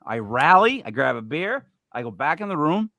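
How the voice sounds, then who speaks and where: Bright energetic guy rambling thru a wild story on a podcast, pitch all over, dry close sound. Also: moderate pace, dry recording. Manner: animated, rambling anecdote with voiced quotes. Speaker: podcast co-host. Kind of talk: storytelling banter.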